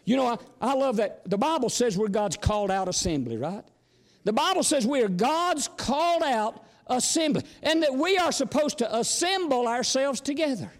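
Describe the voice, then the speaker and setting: Man, preacher, folksy sermon, high pitched. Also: expressive, normal speed, in a large hall. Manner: folksy storytelling, exclamatory then chatty with props. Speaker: visiting preacher.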